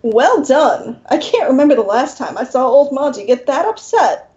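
A woman voicing a slim, smooth male demon who is smug and overly polite, on a slightly dull recording. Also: high voice, big pitch swings, normal speed, darkish tone.

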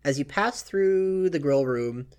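A man narrating a tabletop game as game master, relaxed and halting, with many fillers. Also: on the high side, clean tone.

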